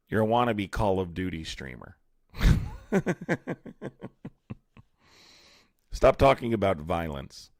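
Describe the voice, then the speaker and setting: A young man's low voice, recorded close and dry with no room sound. He hosts a live stream and fires back at commenters by name. His delivery is heated and combative, with sudden rises into indignation. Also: dry recording. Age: young adult. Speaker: livestream host. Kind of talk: live-stream chat, reacting to viewer comments.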